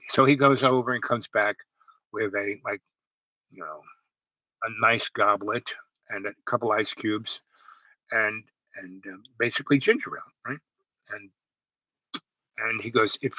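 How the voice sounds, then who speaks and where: A man's voice: on the low side, sharp tone, no echo, low-quality recording. Rambling New man telling a story. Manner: meandering, many restarts and asides.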